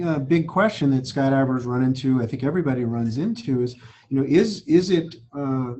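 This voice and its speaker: A man's voice: mid-range voice, dark tone, slightly rough. A man hosting a casual conversation, thoughtful and hesitant in how he speaks. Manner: hesitant, many fillers and restarts, thoughtful. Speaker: host. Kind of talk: casual chat.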